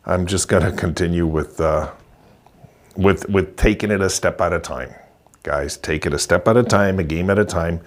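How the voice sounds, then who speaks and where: A man in his sixties giving an excited, chuckling postgame rant as a hockey vlogger, repeating himself for emphasis. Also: deep voice, normal speed. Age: 60s. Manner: gleeful, chuckling, emphatic repetition.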